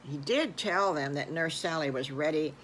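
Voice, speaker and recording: Older woman storyteller, gentle and unhurried, children's tale, light noise. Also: deep voice, low-quality recording. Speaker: storyteller grandmother.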